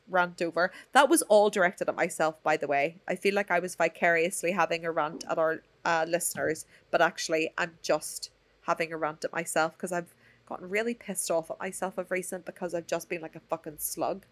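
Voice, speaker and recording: A woman's voice: lowish voice, steady tone, fairly quick. Woman, podcast co-host; congested, profane, motivational ranting. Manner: swears freely, ranting and motivational. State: congested from a cold. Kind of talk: casual podcast chat.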